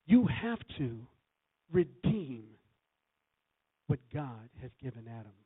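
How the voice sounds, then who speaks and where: A man's voice: mid-range voice, big pitch swings, takes it slowly, husky, no echo. A man preaching a sermon, quoting scripture and telling a story, with emphatic swells on key lines. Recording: tinny phone-like recording.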